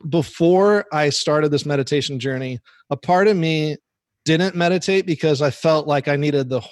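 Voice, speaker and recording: A man's voice: fairly high pitch, moderate pace, dry recording, clean studio sound. A man hosting a podcast, chatting casually in a rambling way that is full of "like" and restarts. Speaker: podcast host. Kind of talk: casual chat.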